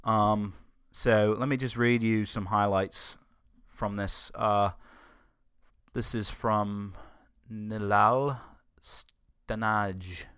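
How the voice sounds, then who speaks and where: A man's voice: fairly low pitch, flat delivery, slow pace, long pauses, fairly bright tone, smooth, no room sound, clean studio sound. A man hosting a podcast, giving casual political commentary in a sarcastic tone and often stumbling over his words. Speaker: podcast host.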